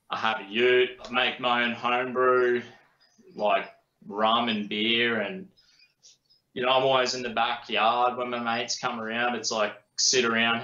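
A man's voice: medium pitch, bright, forceful tone. A young man from New Zealand with an Australian accent, chatting casually as an interview guest in a laid-back, rambling way with many fillers. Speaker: guest YouTuber. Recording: echoey, muffled remote call audio.

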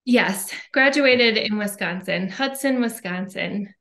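A woman's voice: mid-range voice, takes it slowly, fairly bright tone. A woman from Minnesota with a Minnesotan accent, a podcast guest telling her family story in a chatty way with frequent ums. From Minnesota, USA. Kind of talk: casual interview conversation.

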